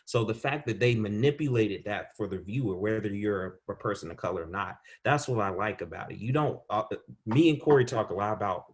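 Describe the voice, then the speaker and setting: A man's voice: lowish voice, fairly quick, slightly rough. A man co-hosting a podcast, giving a casual, rambling movie review with frequent restarts. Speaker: podcast co-host.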